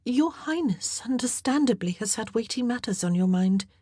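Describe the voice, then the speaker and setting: A woman voicing a composed, protective young noblewoman who speaks low and discreetly in an audiobook. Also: expressive, moderate pace, dark tone, slightly rough, dry recording, clean studio sound. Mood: worried.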